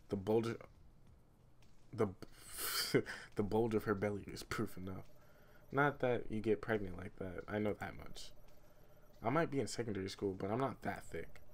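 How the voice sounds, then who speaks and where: A man's voice: on the low side, normal speed, pauses often. A male streamer reading a story game aloud, breaking off with rambling, self-mocking jokes and laughter.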